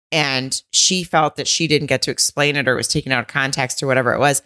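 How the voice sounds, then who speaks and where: A woman with a low voice co-hosts a chatty podcast recap. She talks emphatically, exclaims, and swears freely. The sound is dry and close. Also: steady tone, fast talker, hardly any pauses, sharp tone, no room sound. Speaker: podcast co-host. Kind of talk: casual recap chat.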